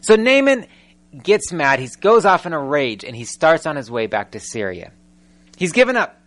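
A man delivers a sermon in a fairly high voice. He tells the story with animated storytelling, stepping into the characters' voices now and then. He keeps turning to the congregation with rhetorical questions. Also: moderate pace. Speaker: preacher.

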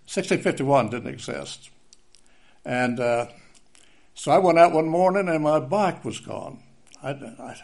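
An older man preaches in a relaxed, folksy way, weaving in stories from his own life. His voice swings freely up and down in pitch, and he repeats key lines to drive them home. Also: vocal fry. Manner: folksy storytelling, repeats key phrases for emphasis. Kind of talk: informal sermon with personal stories.

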